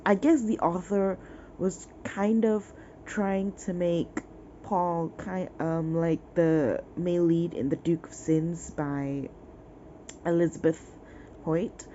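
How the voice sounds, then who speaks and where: A woman's voice: lowish voice, fairly even intonation, takes it slowly, dark tone, a little hiss or hum. A sick, sniffling woman rants in exasperation about a book in a casual vlog, talking from her bed. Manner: exasperated, ranting, sighing. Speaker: book vlogger. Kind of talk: casual reading vlog rant. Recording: dull lo-fi recording.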